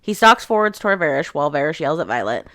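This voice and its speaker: Woman, lively pitch, lowish voice, casual book recap, dry close sound. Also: fast, dry recording. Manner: chatty, retells scenes in quoted voices. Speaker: book channel host.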